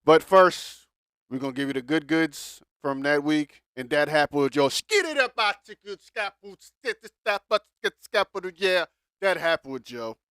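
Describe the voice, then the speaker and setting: A man's voice: a little high, lively intonation, moderate pace, pushed and bright, smooth, no echo, studio quality. A man co-hosting a podcast in casual chat, rambling and throwing in teasing jokes. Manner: joking, rambling, teasing interjections. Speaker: podcast co-host. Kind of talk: casual pop-culture chat.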